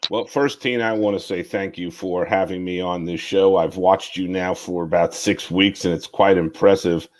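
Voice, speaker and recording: A man's voice: low-pitched, steady tone, moderate pace. A man appearing as a guest on an online show, speaking politely and modestly. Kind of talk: interview conversation.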